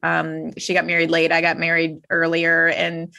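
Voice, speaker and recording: A woman's voice: low voice, completely flat delivery, moderate pace, creaky, sharp tone. A woman hosting a podcast, chatting in an effusive and empathetic way. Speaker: podcast host. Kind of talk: casual podcast conversation.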